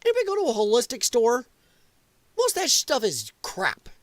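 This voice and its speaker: Male livestream host, high and animated, blunt and sarcastic. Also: a little fast. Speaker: podcast host. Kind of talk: livestream commentary.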